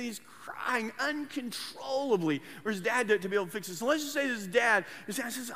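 A man's voice: high-pitched, fairly quick, few pauses, bright, forceful tone. A man preaching a sermon as pastor, earnest, often repeating words as he restarts his phrases. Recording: long hall reverb.

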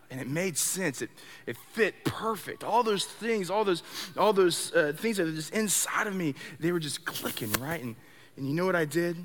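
In a long, reverberant hall, a man gives his sermon testimony at a moderate pace, speaking casually and stumbling on repeated words. His delivery swings from soft and low to loud and excited, with a faint hiss or hum in the recording.

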